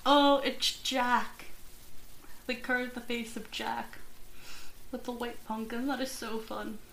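A woman's voice: fairly high pitch, flat delivery, unhurried, vocal fry, a bit bright, a little hiss or hum, low-quality recording. A woman hosting a podcast in casual chat, rambling and chatty with jokey asides. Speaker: podcast host.

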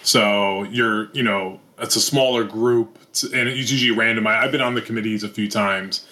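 A man panelist on an entertainment podcast, making quick joking asides. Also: lowish voice, fairly even intonation, sharp tone. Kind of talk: casual panel chat.

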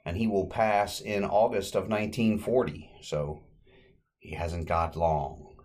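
Relaxed man hosting a podcast. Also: low-pitched, unhurried. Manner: relaxed, rambling retelling with fillers. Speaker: podcast host. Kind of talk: casual podcast recap.

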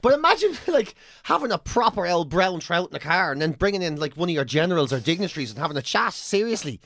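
A man's voice: sits high, quick pace, no echo. An Irish man co-hosting a podcast, telling stories animatedly, swearing often. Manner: animated storytelling, swears often, breaks into chants. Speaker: podcast co-host. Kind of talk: casual chat.

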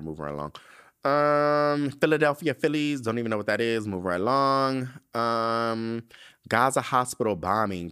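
A young male podcast host with a lowish voice that jumps all over as he talks. He reads celebrity headlines, then breaks off into sassy, campy asides in a loose, chatty way. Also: fairly bright tone. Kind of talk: casual solo commentary on celebrity news.

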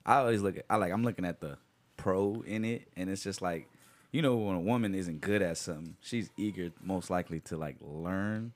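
A man's voice: low-pitched, a little fast. A young man joking and laughing through a casual podcast chat.

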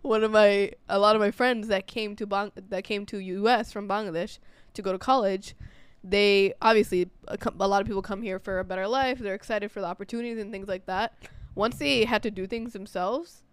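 Young american woman, podcast co-host, smooth clear voice, dry close sound, fast chatty talk. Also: mid-range voice, fairly even intonation, no room sound. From United States. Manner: quick, chatty, laughs often. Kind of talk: casual chat.

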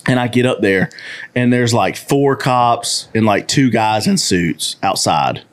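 A young man recounting a story with lots of laughter, his voice sitting at an ordinary male pitch. His telling is casual and animated, and he cuts himself off to laugh before pushing on. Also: a little slow. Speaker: podcast guest.

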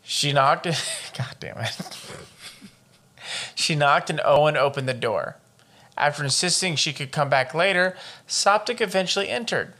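A man's voice: a little high, lively intonation, a little slow, pauses often, pushed and bright. A man co-hosting a podcast, reading out a true-crime case in casual chat with profane, joking asides. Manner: profane and joking, wanders off into riffs. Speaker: podcast co-host.

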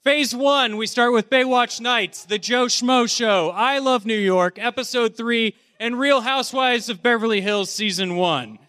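Bright, crisp-voiced man hosting. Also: very high voice, unhurried, hardly any pauses. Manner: deadpan, mock-academic delivery. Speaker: podcast host. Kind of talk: comic mock-lecture on a live panel. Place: convention panel room with live audience.

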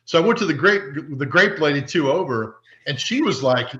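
Bright-voiced man telling stories, echoey. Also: a little high, brisk. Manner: animated, acts out quoted voices. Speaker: podcast guest. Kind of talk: casual storytelling chat. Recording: echoey, dull lo-fi.

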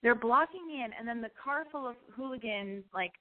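A woman hosting a call-in show, telling a profane story in an animated, ranting way. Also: a little high, a little fast. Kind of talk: call-in radio monologue. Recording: tinny phone-like sound.

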